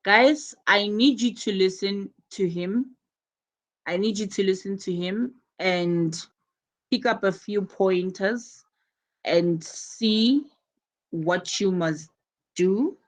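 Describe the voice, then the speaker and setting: A woman leads an English lesson with a slow, unhurried delivery. She encourages her students warmly, repeating her words as she talks. Her pitch sits in a middle range. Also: rough recording. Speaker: English teacher. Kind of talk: online class teaching.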